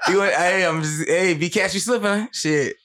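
A man co-hosting a casual podcast, chiming in with quick jokes and lots of swearing. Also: high-pitched, a bit bright. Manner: quick interjections, joking and swearing. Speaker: podcast co-host.

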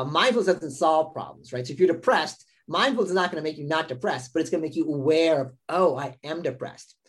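Male psychologist explaining patiently. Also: a little high. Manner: teaching tone, tags many points with "right?" and "all right"; acts out patients' inner voices in quotes. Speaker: psychologist, podcast guest. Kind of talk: explanatory interview talk.

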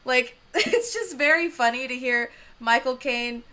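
A woman's voice: high-pitched, expressive, measured pace, sharp tone, slight background noise. A woman in casual movie chat, retelling scenes in a rambling, giggly way. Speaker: podcast co-host.

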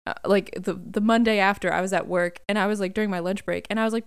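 Young adult woman, podcast co-host, chatty and animated, smooth clear voice. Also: mid-range voice, fast talker, few pauses. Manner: chatty, animated, laughs and acts out reactions. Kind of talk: casual fan podcast chat.

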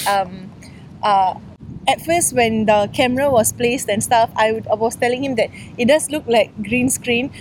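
A woman co-hosting a podcast outdoors, chatting playfully and telling stories with a teasing edge. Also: rough recording. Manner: playful, teasing, animated storytelling. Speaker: podcast co-host. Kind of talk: casual chat. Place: outdoors on a lawn by a city street. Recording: faint traffic rumble outdoors.

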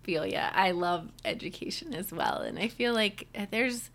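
Woman podcast host, bright voice, bouncy pitch, eager questions. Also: huge pitch swings, normal speed. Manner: enthusiastic, asks questions. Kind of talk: casual interview chat.

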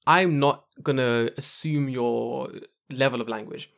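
A man's voice: medium pitch, fairly even intonation, measured pace, vocal fry, fairly bright tone. A man co-hosting a casual podcast, talking emphatically and swearing freely as he makes his point. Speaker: podcast co-host.

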